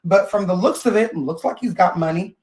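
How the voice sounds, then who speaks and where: A woman's voice: fairly low pitch, a little fast, darkish tone, low-quality recording. A woman hosting a casual gossip livestream, chatting and reading out posts and text messages from her phone or webcam. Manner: chatty, reads out posts and texts. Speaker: host.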